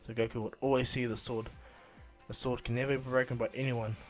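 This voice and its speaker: A male storyteller rambling through an improvised fan retelling, pausing on fillers and restarting. His voice sits at a middling pitch, with faint music under it. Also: level tone.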